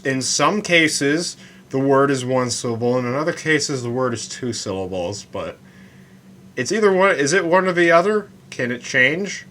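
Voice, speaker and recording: A man hosting a solo podcast about writing poetry, talking in a halting way with many stammered restarts and slowing down to recite his lines. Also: medium pitch, pushed and bright, slight background noise. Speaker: podcast host.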